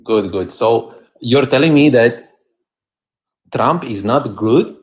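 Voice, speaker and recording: A man calling into a live stream, speaking slowly in an affected foreign accent. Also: medium pitch, lively intonation. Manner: slow, put-on foreign accent. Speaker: caller.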